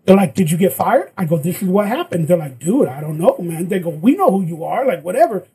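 A man's voice: high-pitched, a little fast, husky, rough recording. A man telling a story in casual chat, acting out the lines of the people in it. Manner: animated, acts out quoted lines. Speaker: guest actor.

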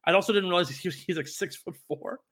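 A man's voice: high-pitched, fairly quick, fairly bright tone, slightly rough. A young man co-hosting a podcast, chatting casually and telling a story with lots of fillers and restarts. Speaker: podcast co-host. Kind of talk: casual chat.

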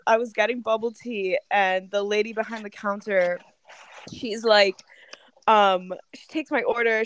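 A young adult woman co-hosting a podcast, telling stories in casual chat with a lot of swearing. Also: on the high side. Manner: profane storytelling. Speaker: podcast co-host.

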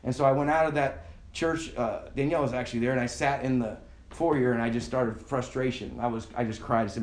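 Conversational preacher with a roomy echo. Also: male voice, mid-range voice, fairly even intonation, fairly quick. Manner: conversational preaching, has the congregation repeat words. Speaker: pastor. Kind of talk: sermon. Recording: echoey room.

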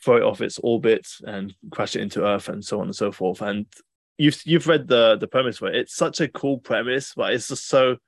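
A man's voice: on the low side, moderate pace, no echo. A young man hosting a podcast, telling long rambling stories in casual chat with plenty of fillers and restarts. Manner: rambling, animated storytelling with many fillers and restarts. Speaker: podcast host.

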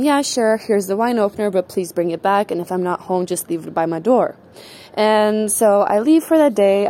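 With a mid-range, darkish voice, a woman chats her way through a story, cursing without restraint and constantly dropping in "like" and "um."

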